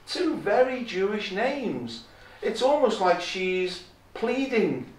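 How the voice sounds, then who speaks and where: In an echoey chapel, recorded from a distance, a visiting preacher gives a forceful sermon. His voice is high-pitched with big swings in pitch and a measured pace, and he repeats key lines while raising his voice for scripture.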